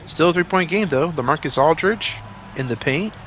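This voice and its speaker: A man hosting a gaming channel, calling a simulated basketball game play by play. His voice is bright and forceful, sitting a bit high for a man, and it leaps higher on the big plays before settling back into relaxed asides. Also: moderate pace, a little hiss or hum. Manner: excitable, jumps up in pitch on big plays, asides. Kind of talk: play-by-play commentary over a basketball video game.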